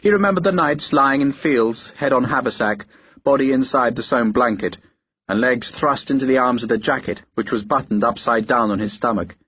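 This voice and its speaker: A man reading a historical war novel in a steady, measured audiobook narration. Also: mid-range voice, breathy edge, no room sound, muffled recording.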